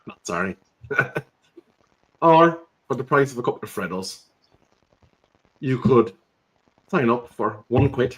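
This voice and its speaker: A man's voice: mid-range voice, lively intonation, slow, long pauses, poor audio. A man, hosting a casual live stream in a chatty, joking way and reading out viewer comments.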